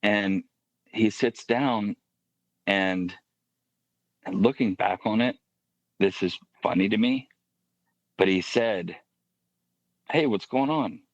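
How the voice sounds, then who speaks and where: A man on a podcast telling a personal faith story in a halting, reflective way, often restarting his sentences. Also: lowish voice, no room sound, muffled recording. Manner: halting, reflective, with many restarts and soft asides. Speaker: podcast guest.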